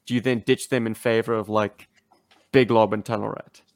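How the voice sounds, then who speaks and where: A man's voice: fairly low pitch, steady tone, moderate pace, creaky, no room sound, clean studio sound. A man co-hosting a podcast in casual chat, wry and earnest, laughing often. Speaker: podcast co-host.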